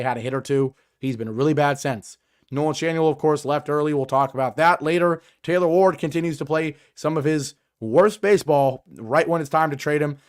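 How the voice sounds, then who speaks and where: A man hosting a sports podcast, hoarse and raspy from a cold, delivering emphatic, exasperated commentary. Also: fairly high pitch. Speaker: podcast host.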